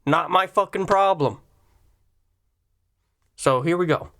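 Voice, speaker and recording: A man's voice: a little high, slow, vocal fry, fairly bright tone. A man hosting a reaction commentary, ranting sarcastically with blunt, profane remarks about a video. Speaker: commentary host.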